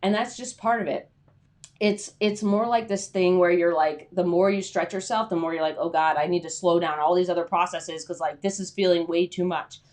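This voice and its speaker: A woman's voice: fairly low pitch, fairly even intonation, normal speed, a little mellow. Chatty woman coaching on a livestream. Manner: chatty, many fillers, acts out inner voices. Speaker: freelance writing coach. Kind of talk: livestream talk.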